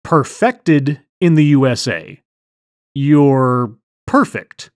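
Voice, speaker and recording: A woman's voice: very deep voice, lively intonation, very slow, a little mellow, soft background music. A woman hosting a comedy skit in a mock mind-reader persona, talking in a theatrical, dry, sardonic way. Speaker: host.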